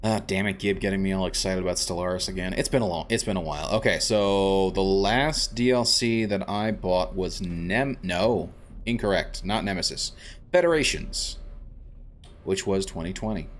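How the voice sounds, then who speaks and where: Low-voiced guy streaming a game, chatty and rambly, talks to chat a lot. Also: slight background noise. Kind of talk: casual let's-play chat.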